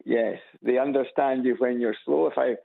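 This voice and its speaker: A man's voice: mid-range voice, fairly even intonation. Scottish man calling in on a tinny phone. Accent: Edinburgh Scottish. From Scotland. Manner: halting, repeats words, dry humor. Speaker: radio caller. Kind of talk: casual phone-in chat. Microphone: phone on loudspeaker. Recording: gravelly voice over a tinny phone line.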